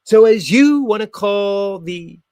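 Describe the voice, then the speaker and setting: Sarcastic man host, mock-polite, slightly high voice, very dry recording. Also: animated, slow pace, no echo. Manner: mock-formal and sarcastic, swings between loud and muttered. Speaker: show host. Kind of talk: sarcastic monologue reacting to a clip.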